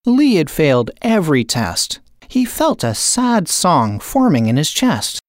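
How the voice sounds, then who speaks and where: A woman narrator reading a children's picture book aloud in an expressive, unhurried way. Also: low voice, no echo, clean studio sound. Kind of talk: storybook read-aloud.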